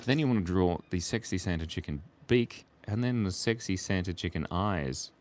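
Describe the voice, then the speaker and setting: A man's voice: sits low, lively intonation, moderate pace, a little hiss or hum. A young man on a casual live stream, drawing while chatting playfully, reading chat messages aloud and laughing often. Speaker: livestream artist drawing for chat.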